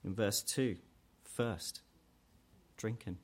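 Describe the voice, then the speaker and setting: A man preaching a sermon in an earnest way, growing louder and higher when he voices quoted challenges. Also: very slow. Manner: earnest, rises in pitch and force when quoting mockers.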